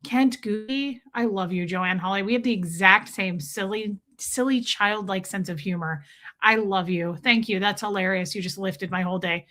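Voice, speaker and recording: A woman's voice: medium pitch, moderate pace, bright, forceful tone. A woman hosting a casual livestream, chatting playfully and reading viewers' names aloud. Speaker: livestream host. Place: countryside home.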